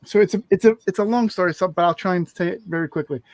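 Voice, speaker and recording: A man co-hosting a podcast, telling a long personal story in a casual, animated way and acting out the people he quotes. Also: fast talker, no echo, poor audio. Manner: animated, acts out quotes with raised pitch. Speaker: podcast co-host.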